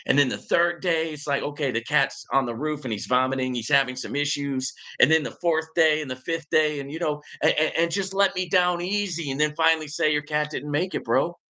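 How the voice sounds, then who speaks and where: A man's voice: brisk, few pauses, pushed and bright. A man voicing a distraught guy who wails and complains about how he heard his cat died. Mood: whining. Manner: whiny, high-pitched complaining.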